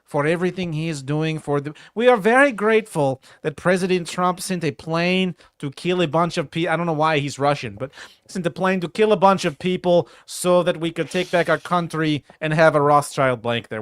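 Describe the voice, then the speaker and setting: A man's voice: on the high side, brisk, dry recording, studio quality, pitched below the performer's own voice, lightly acted. A man doing a mocking impression of a fawning exiled male politician, with a strange put-on foreign accent.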